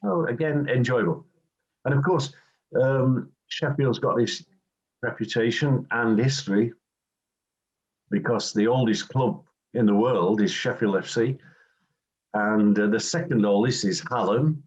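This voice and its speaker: A man's voice: mid-range voice, a little slow, muffled recording. An older English man, a former football referee, reminiscing in an interview and telling anecdotes with acted-out quotes.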